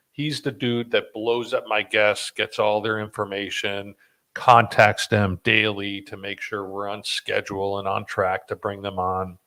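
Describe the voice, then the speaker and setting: Male podcast host, low-pitched, casual, jokey, lots of ums and restarts. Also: sharp tone. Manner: loose and joking, with frequent fillers and restarts.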